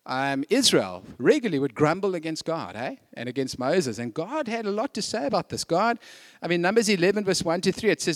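Male preacher, fairly high voice, animated and chatty sermon delivery. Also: fairly quick.

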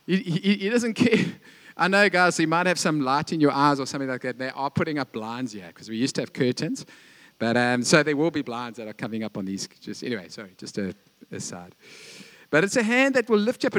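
A man preaching a sermon as pastor in a church, animated and acting out little voices of God and believers, often tagging lines with "eh?". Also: sits high. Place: church hall.

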